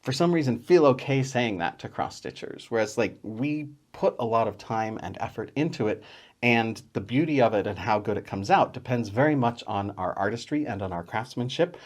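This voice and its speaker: A man's voice: mid-range voice, lively intonation, moderate pace. A man hosting a hobby channel, talking in a chatty, casual way with wry, lightly exasperated asides. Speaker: channel host. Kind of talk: casual explainer talk to camera.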